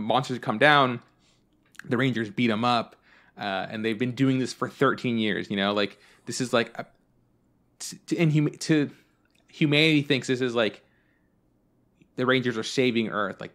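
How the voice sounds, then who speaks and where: A man in a middle-pitched voice talks loosely on a podcast, meandering through stories with lots of "like" and "um". He swears freely and keeps things offhand and chatty. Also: a bit bright. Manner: rambling storyteller, swears freely, many fillers. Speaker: podcast host. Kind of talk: casual chat.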